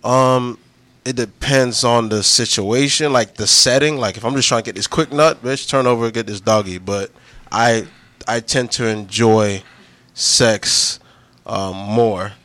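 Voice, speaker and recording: A man with a bright, mid-pitched voice co-hosting a raunchy podcast. He is blunt and profane and laughs often as he talks casually. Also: a little slow, dry recording. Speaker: podcast co-host.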